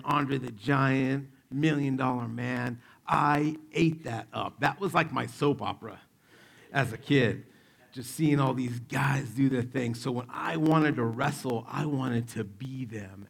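A man in his forties preaching a sermon, telling stories in an animated, joking way and acting out the quotes. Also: mid-range voice, creaky. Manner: animated, jokey, acts out quotes. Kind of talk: sermon with personal storytelling.

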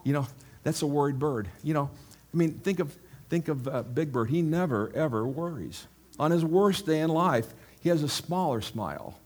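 A middle-aged male pastor giving a sermon, jokey and animated in the telling, then soft and prayerful. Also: on the high side, moderate pace, husky.

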